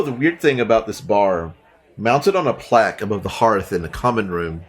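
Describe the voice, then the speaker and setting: A man's voice: fairly low pitch, fairly bright tone. A man narrating a tabletop game as game master, in a casual, descriptive way with many fillers.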